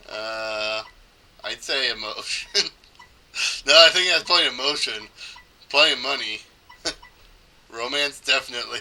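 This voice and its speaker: A man's voice: a little high, lively intonation, moderate pace, sharp tone, slight background noise, poor audio. A man casually narrating gameplay in a rambling, chatty way, often stopping to correct himself. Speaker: let's play commentator.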